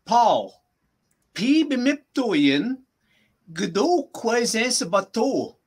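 A man teaching in a casual chat, patiently repeating phrases slowly for his learner. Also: very high voice, very animated, husky. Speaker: language teacher.

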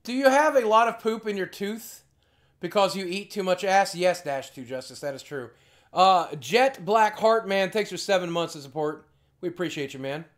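A man's voice: high-pitched, expressive, moderate pace. A man chatting casually on his livestream with a voice that sits somewhat above the usual male range. He rambles from one thought to the next, talks bluntly with plenty of swearing, and answers questions from chat as he goes. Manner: blunt and profane. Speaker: livestream host.

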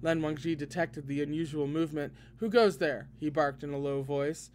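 A man reads a novel aloud with expressive delivery, breaking in with excited asides now and then. His voice sits fairly high for a man. Faint noise runs underneath. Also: a little fast. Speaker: podcast reader. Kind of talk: reading a novel aloud with reactions.

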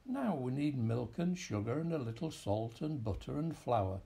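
Male reader playing a muttering old farmer, gravelly and lively, storybook grump. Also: medium pitch, moderate pace. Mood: grumbling. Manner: grumbling, muttering. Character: fussy old male farmer, absent-minded and grumbling.

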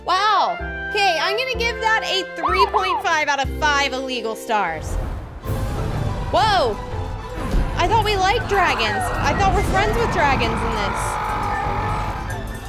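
A high-voiced woman with a bouncy, animated delivery reacts to video clips, gasping and exclaiming as she goes. She talks at an unhurried pace. Loud music from the clips plays under her voice. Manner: exclamatory, gasping, easily moved. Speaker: video host.

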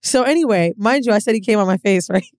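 A woman's voice: mid-range voice, fast talker, no echo. Candid woman telling a story. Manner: candid, animated storyteller who acts out quotes. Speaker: podcast co-host. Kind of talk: casual chat, storytelling.

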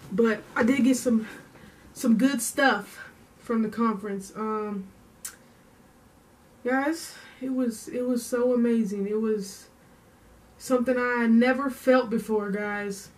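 A woman vlogging to her viewers in a slow, drawn-out way, her voice set a little higher than most. She rambles and repeats herself with many fillers, talking in an emotional way. She sits a bit back from the mic. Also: distant mic. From San Diego. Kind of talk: casual vlog talk to camera.

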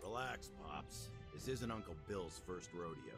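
A man's voice: deep voice, expressive, measured pace. A man voicing a laid-back, wisecracking veteran soldier in a video game. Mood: wry. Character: gruff veteran male soldier. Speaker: game character. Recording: game audio under loud music.

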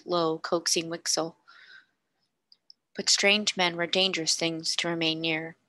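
A woman reading a classic novel aloud in a measured, expressive narration. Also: lowish voice, creaky, no echo. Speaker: storybook reader.

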